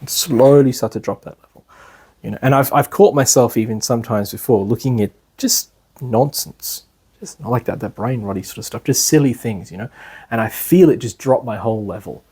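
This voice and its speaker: A man's voice: medium pitch, fairly quick, a little mellow, breathy edge. A man giving a class as an instructor, talking loosely with many fillers and restarts. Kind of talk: lecture.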